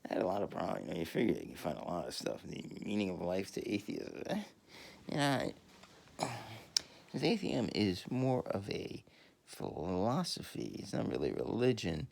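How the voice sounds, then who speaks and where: A man in a rambling, profane monologue who laughs often and swings from mumbling to shouting. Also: low voice, huge pitch swings, normal speed, vocal fry. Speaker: video host.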